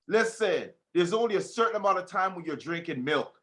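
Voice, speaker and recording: A man hosting a podcast, talking like a preacher, fervent and swinging between shouts and hushed lines. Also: high-pitched, expressive, a little fast. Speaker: podcast host. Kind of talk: preaching-style podcast talk.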